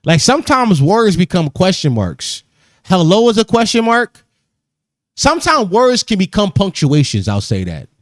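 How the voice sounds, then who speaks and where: High-pitched, lively joking podcast host. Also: male voice, moderate pace, no room sound, clean studio sound. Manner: loose, joking, laughs often, repeats phrases. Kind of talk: casual chat with live chat.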